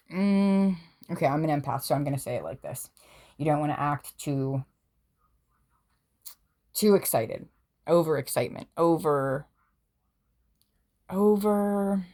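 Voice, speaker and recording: A woman giving a casual tarot reading at home, excitable and gushing, swearing freely as she talks. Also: sits low. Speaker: tarot reader.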